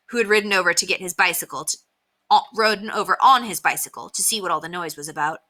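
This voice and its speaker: A woman teacher reads a children's chapter book aloud, telling the story expressively. Her voice is lowish and she reads fast.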